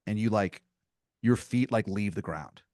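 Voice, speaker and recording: A man's voice: on the low side, unhurried, darkish tone, dry recording, clean studio sound. A man running an improvised tabletop-style story as game master, casual and profane, with lots of fillers.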